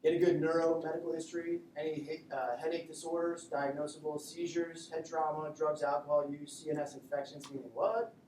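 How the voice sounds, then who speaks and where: A man teaching a classroom lecture in a joking, conversational way, acting out quick exchanges with patients. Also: on the high side, level tone, distant mic, noisy background. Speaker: instructor. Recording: echoey classroom recorded from afar.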